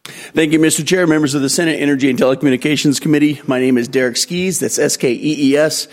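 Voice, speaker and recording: A man presenting a bill at a legislative committee hearing, out of breath and hurried, apologizing as he speaks. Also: fairly high pitch, in a large hall. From Montana, USA. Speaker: state representative presenting a bill. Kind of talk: formal committee testimony.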